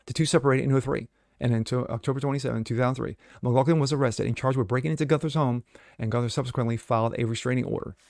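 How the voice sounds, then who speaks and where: A man's voice: mid-range voice, fairly even intonation, racing, gravelly, a little mellow, dry recording, studio quality. A man hosting his own show, reading news stories and giving blunt, sarcastic commentary with frequent fillers. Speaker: host.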